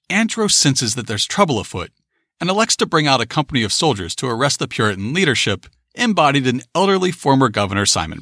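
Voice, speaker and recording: A man reads a classic tale aloud with measured, expressive delivery. His voice is bright and animated in pitch, and it sounds dry and close. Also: no echo. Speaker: narrator. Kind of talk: dramatic literary reading.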